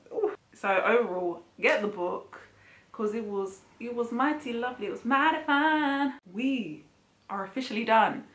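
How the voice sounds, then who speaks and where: A woman reviews cookbooks for her cooking channel in an easy, chatty vlog manner. She is bubbly and excitable, and she tosses in slangy asides as she talks. Her voice sits at a middle pitch, and the recording has a roomy echo around it, as if made in a home kitchen. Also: slight background noise. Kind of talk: casual vlog review chat. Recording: echoey room.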